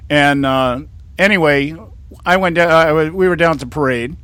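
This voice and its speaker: A man's voice: fairly high pitch, normal speed, fairly bright tone, smooth, dry recording. A man in his sixties from California, hosting a talk show in a rambling, indignant monologue with many restarts. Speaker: host.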